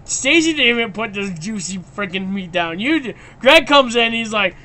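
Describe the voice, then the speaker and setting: A man hosting a live stream and ranting excitably in casual chat, stammering and restarting his sentences. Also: high-pitched, moderate pace.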